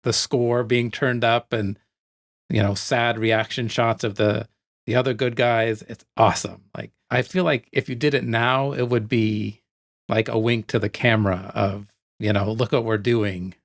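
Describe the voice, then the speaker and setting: A man co-hosting a movie podcast, talking in a relaxed, easygoing way. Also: medium pitch, unhurried. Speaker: podcast co-host. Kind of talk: casual movie chat.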